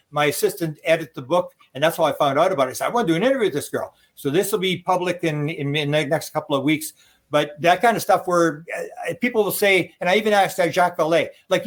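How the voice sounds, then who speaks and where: Fast-talking excitable older man storyteller. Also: fairly high pitch. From Canada. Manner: excitable, acts out quoted exclamations, frequent restarts and laughs. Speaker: UFO researcher telling stories. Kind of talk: animated storytelling interview.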